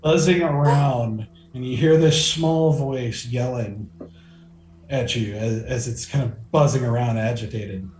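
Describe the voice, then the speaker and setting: A man's voice: medium pitch, measured pace, a little mellow. Guy running a tabletop game, talks in circles with lots of likes and uhs, echoey room. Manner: rambling, many fillers and restarts. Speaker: game master. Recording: echoey room with faint music.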